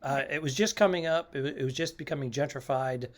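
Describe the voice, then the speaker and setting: A man's voice: mid-range voice, fast. A man hosting a casual podcast chat, reminiscing and laughing often. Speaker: podcast host.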